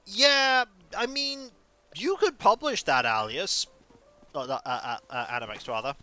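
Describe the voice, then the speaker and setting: A man streaming a game, chatting casually and telling stories in an animated, chatty way. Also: a little high, measured pace, dry recording, faint music behind. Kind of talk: casual chat while playing a game.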